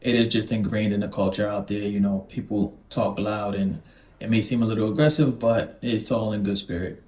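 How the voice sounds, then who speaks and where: A man from New York City gives travel tips in an earnest, emphatic way. His voice is dark and mellow. The recording is roomy, with a noticeable echo. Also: on the low side, fairly even intonation, normal speed. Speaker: travel video host. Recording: echoey room.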